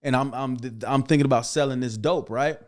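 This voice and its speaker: Casting: middle-aged man, guest storyteller, mid-pitched voice, lively retelling with loud peaks. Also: a little fast. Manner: builds to loud excited bursts when acting out scenes. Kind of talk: animated storytelling.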